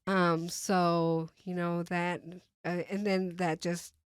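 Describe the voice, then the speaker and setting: A woman sharing her personal testimony as a guest, speaking hesitantly with many fillers and restarts and softly re-enacting her own thoughts. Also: on the low side, level tone, slow, smooth, no room sound, clean studio sound.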